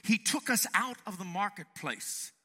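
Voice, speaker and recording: Emphatic middle-aged preacher in echoing hall. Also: male voice, high-pitched, expressive, measured pace, husky. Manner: emphatic, swings from loud to hushed. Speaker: pastor. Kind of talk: sermon. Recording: long hall reverb.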